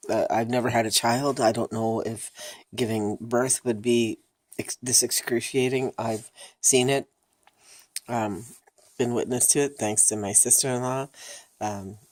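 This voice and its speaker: Woman vlogger, very deep husky voice, exhausted, candid, swears freely. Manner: emotional, blunt, swears freely. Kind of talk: candid personal vlog.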